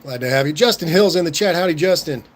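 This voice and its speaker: A young man with a Southern Californian accent hosts a casual livestream, reading out chat comments in a relaxed, stammering manner and chuckling often. His voice is a little high, he talks fast, and there's slight background noise.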